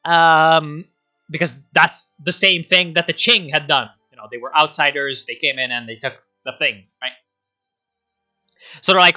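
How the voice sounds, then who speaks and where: Brief: a swearing, rambling male streamer with a very bright voice, recorded on dull lo-fi stream audio. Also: on the high side, moderate pace, soft background music. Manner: rambling, profane, animated. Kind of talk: casual livestream history commentary.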